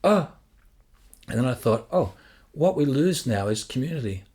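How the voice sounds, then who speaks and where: A man teaching songwriting in a casual, rambling way, thinking out loud as he works through ideas. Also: medium pitch, big pitch swings, normal speed, slightly rough. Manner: rambling, thinks aloud, sings lyric drafts. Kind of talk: casual thinking-aloud lesson.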